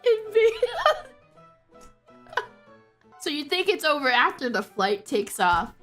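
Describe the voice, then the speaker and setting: A young woman streamer telling a story in a casual, animated way, often breaking into laughter and squeaky excited bursts. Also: a little slow, faint music behind.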